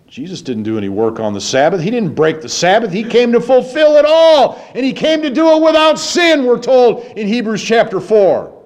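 A man preaching a sermon, moving from low, musing passages to raised, emphatic ones. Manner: dramatic, swings between low musing and high emphatic preaching.

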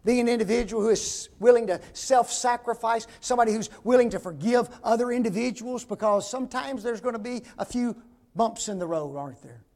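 A man's voice: very high voice, fairly quick, darkish tone. An older man, preaching a folksy sermon and asking the congregation rhetorical questions.

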